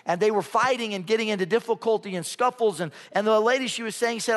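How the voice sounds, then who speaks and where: High-voiced man preaching in an echoing hall. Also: quick pace, few pauses. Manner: storytelling with rhetorical questions to the congregation. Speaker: pastor. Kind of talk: sermon.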